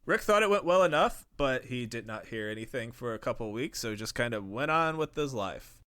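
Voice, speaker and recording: A man's voice: medium pitch, animated, a little fast, a bit bright, clear, resonant tone. A man hosting a podcast, reading a script in a casual, profane way and breaking into laughs. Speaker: podcast host. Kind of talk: scripted narration with banter.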